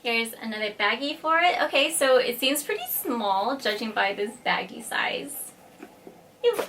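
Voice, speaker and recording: Bubbly high-voiced young woman vlogger. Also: unhurried, a little hiss or hum. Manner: bubbly, squealing and giggling with excitement. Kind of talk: casual unboxing vlog. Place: home workshop indoors.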